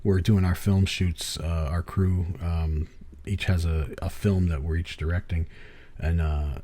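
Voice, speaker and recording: A man's voice: low voice, fairly even intonation, unhurried, dark tone. A middle-aged man from the US East Coast, hosting a podcast and telling a rambling story in casual chat, swearing and laughing as he goes. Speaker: podcast host.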